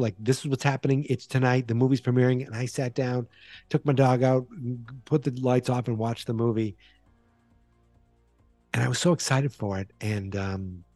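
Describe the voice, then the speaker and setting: A man's voice: medium pitch, dark tone, no room sound. A man with a Boston accent hosting a solo podcast in a rambling, playful, self-deprecating way. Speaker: podcast host. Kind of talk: casual solo podcast chat.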